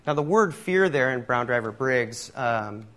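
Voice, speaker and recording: A man's voice: medium pitch, expressive, a little slow, a bit bright. A man preaching a casual, conversational sermon, rambling with many fillers and self-deprecating humor. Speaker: pastor.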